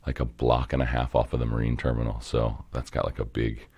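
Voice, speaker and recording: Very deep-voiced rambling man. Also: fairly quick, breathy edge. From Baltimore area, Maryland. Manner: rambling, animated, swears casually. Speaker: interview guest, entrepreneur. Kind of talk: casual conversational interview.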